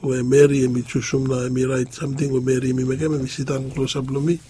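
A man preaching a sermon, halting and pausing often. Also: medium pitch, flat delivery, warm tone, slight background noise. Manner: halting, with many pauses and fillers.

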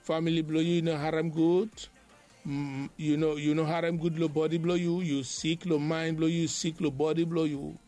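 A high-pitched man preaches a devotional sermon. He drives his points home with emphatic, repetitive phrases in a chanting rhythm. Soft music plays faintly underneath. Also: level tone, normal speed.

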